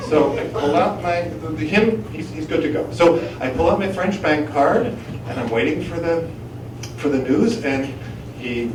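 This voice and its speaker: A man's voice: a little high, normal speed, noisy background. A man, a college professor, telling a story on stage to a live audience, acting out his own and others' lines and slipping into fluent French. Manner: animated, acts out dialogue, switches into fluent French. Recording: roomy live venue, distant mic, crowd laughter.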